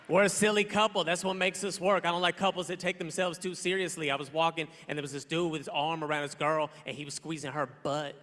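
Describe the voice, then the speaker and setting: A man in his thirties doing a stand-up routine on a large stage, punchy and loud, acting out his quotes. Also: a little high, fairly even intonation, fast talker, few pauses. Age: 30s. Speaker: stand-up comedian. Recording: reverberant large hall.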